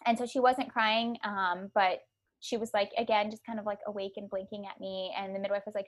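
A woman in her thirties tells her birth story casually and animatedly. Her voice sits at an ordinary middle pitch, and her talk is full of likes and ums. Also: flat delivery, a little fast. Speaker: podcast guest.

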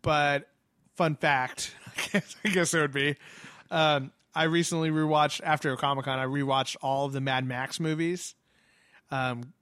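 A man's voice: on the high side, steady tone, unhurried, a bit bright, clean tone, no echo, studio quality. A man co-hosting a podcast from home, chatting casually, laughing often and swearing freely. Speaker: podcast co-host. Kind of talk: casual chat. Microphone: headphones and studio mic.

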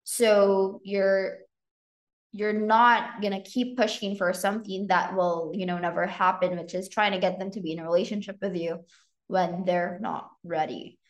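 A woman's voice: medium pitch, fairly even intonation, moderate pace, echoey room. A woman hosting a podcast, chatting frankly about relationships and using lots of fillers. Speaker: podcast host. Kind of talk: casual relationship chat.

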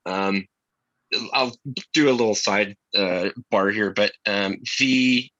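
Brief: male musician guest, earnest and hesitant, bright tone, dry mic. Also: on the low side, takes it slowly, no echo, highs cut off. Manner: earnest, grateful, hesitant with many "um"s. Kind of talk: casual interview chat.

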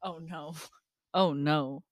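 A woman's voice: low-pitched, fairly even intonation, slow, dry recording, studio quality. A woman co-hosting a podcast in casual chat, upbeat, laughing often and reading from her notes. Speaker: podcast co-host.

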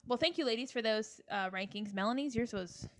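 Bubbly young woman host, higher voice. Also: fairly quick, no echo. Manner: bubbly, enthusiastic. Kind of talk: casual podcast chat.

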